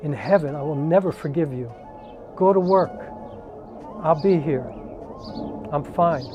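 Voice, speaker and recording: A woman's voice: sits low, measured pace, highs cut off, over music. A man quoting his elderly grandmother, curt and commanding, raising his voice slightly for her. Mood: insistent. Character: blunt, stubborn elderly grandmother on her deathbed.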